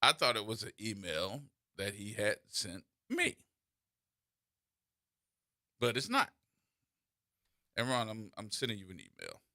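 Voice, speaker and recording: Animated New radio host, forceful voice. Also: male voice, on the low side, a little slow, pauses often, no echo, clean studio sound. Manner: animated storytelling, repeats and restarts. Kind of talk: call-in talk radio monologue. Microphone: studio microphone.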